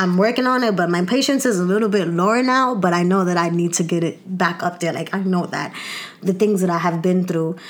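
A young woman with a New York accent hosting a personal podcast monologue, talking candidly and emotionally, close to tears, with many fillers and restarts. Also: on the low side. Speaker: podcast host.

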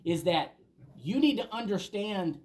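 Man, pastor, sermon, conversational storytelling, emphatic peaks, slightly high voice. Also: lively intonation, unhurried, darkish tone.

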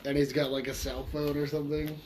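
A man's voice: fairly high pitch, flat delivery, fast talker, a little mellow, a little hiss or hum. A man co-hosting a casual podcast in a laid-back, agreeable way, tossing questions to his partner. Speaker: podcast co-host.

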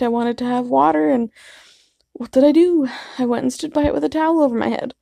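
Telling stories to camera in a rambling, self-mocking way, a woman in her twenties fills her vlog with fillers. Her fairly high voice has vocal fry and a dark tone, and the recording is dry with clean studio sound.

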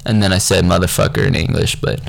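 A man's voice: low-pitched, steady tone, quick pace, vocal fry, dry recording, poor audio. A young man talking in a rambling, profane, unfiltered casual monologue.

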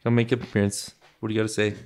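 A man's voice: on the low side, level tone, rapid-fire, a little mellow. A man hosting a casual, bantering podcast chat about a novel. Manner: playful, bantering. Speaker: podcast host. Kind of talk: casual book-review chat.

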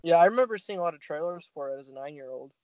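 A man's voice: fairly high pitch, lively intonation, very fast, darkish tone, clean tone, no room sound. Playful young man on a dull podcast mic. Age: 20s. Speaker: podcast co-host. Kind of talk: casual chat.

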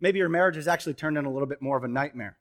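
Animated high-voiced pastor telling stories. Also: male voice, very fast. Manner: animated, joking storyteller with sudden loud bursts. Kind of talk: sermon with storytelling. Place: church stage before a congregation.

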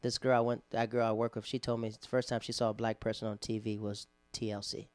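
A man's voice: lowish voice, quick pace, clear, resonant tone, no room sound. A man with a Southern American accent hosting a casual chat, telling stories and acting out quotes. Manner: animated storyteller, acts out quotes. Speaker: podcast host, comedian.

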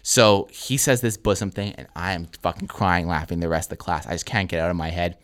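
A man's voice: sits low, fairly even intonation, fairly quick, a bit bright. Laid-back man telling a story. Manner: laid-back, heavy swearing, lots of "like". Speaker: podcast co-host. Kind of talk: casual comedic storytelling.

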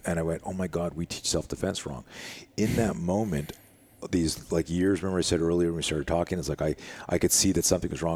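An older man, a self-defense instructor, telling a story in an interview in a casual, animated way and acting out the dialogue. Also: low-pitched, husky. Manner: animated, acts out quoted dialogue, casual with frequent "dude" and "like".

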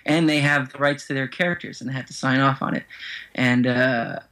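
A man's voice: mid-range voice, steady tone, fairly quick, sharp tone. Chatty laughing actor guest, a man. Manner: chatty storyteller who laughs easily. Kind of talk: casual podcast interview.

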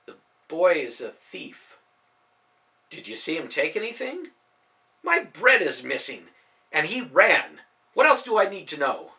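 A man's voice: mid-range voice, sing-song, normal speed. A man voicing a hot-tempered market baker in an audiobook, curt and indignant. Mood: defensive. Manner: curt, indignant, shouting when angry. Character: gruff hot-tempered grown male baker.

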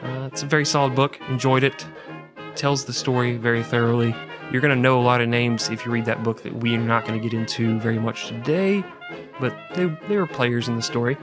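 A man from the American Midwest co-hosting a comedic history podcast, telling the story with deadpan, crude tangents. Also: mid-range voice, brisk, over music.

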